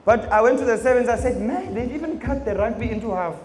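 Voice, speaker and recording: A young South African man doing live stand-up comedy, animated and full of impressions and sound effects. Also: very high-pitched, quick pace, over music. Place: stage in a large venue. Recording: echoey hall with audience noise.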